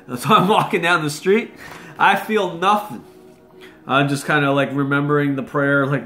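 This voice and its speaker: Bright high-voiced man preaching. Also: brisk, faint music behind. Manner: animated, laughs often while storytelling. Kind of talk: sermon with personal testimony.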